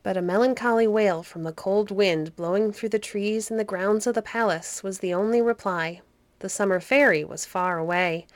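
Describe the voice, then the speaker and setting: A woman narrating a fairy story for a podcast in a soft, cozy, unhurried manner. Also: mid-range voice, no room sound.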